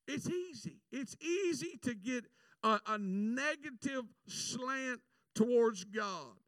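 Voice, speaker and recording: A man preaching a sermon, telling a personal story with animated delivery and shouted prayers, heard from a distance. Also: extremely high pitch, takes it slowly, no echo.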